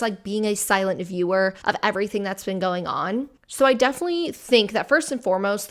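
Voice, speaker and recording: A woman in her twenties hosting a commentary video, explaining her views in a measured way. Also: mid-range voice. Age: 20s. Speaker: host.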